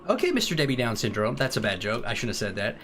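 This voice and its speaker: A man's voice: medium pitch, sing-song, fast talker, fairly bright tone. A British man live-streaming a strategy game, rambling and joking with chat while giving tactics. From United Kingdom. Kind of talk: casual live-stream commentary.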